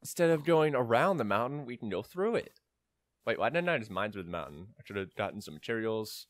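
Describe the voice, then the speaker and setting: A man's voice: mid-range voice, sing-song, a little fast, no echo. A young man giving casual let's-play commentary, rambling with joking asides as he plays. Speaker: gamer.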